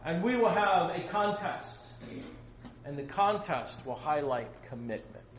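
A man voicing a bold male prophet who shouts a slow, declaiming challenge. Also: medium pitch, animated, lo-fi sound, natural voice. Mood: defiant. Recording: roomy echo, faint noise.

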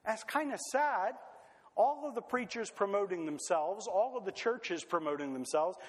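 A man preaching a sermon in a lively, conversational way, full of rhetorical questions. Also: high voice, normal speed. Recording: long hall reverb.

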